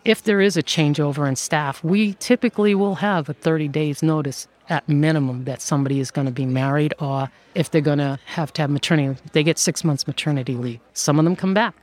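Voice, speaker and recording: A woman who runs an outsourcing firm, telling stories in an interview in a lively way and laughing often. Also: low-pitched. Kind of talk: conversational interview storytelling.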